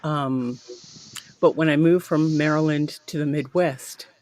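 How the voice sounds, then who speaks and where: A man's voice: a little high, steady tone, unhurried, a little mellow. A man from New York who lost most of his accent, telling stories wryly as a panelist on a livestream call. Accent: neutral American with faint New York traces. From New York, United States. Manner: wry, storytelling. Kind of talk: casual chat.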